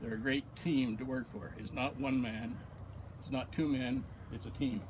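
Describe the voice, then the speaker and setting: A man's voice: medium pitch, fairly even intonation, normal speed, noisy background. A man giving informal acceptance remarks to a gathering, telling stories and a joke in a folksy way. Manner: folksy storyteller, telling a joke with quoted voices. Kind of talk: casual speech to a gathering.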